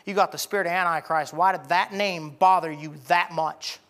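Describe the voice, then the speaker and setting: A male pastor telling a story from the pulpit, acting out the dialogue and building to shouts. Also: a little high, fairly even intonation, normal speed. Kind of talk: sermon storytelling.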